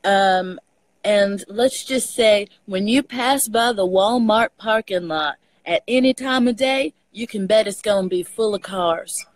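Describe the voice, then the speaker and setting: A woman with a Texas accent, appearing as a guest, chats casually over a live video call, telling stories with the occasional swear word. Her mid-range voice is a little slow, and the recording is rough but has no echo.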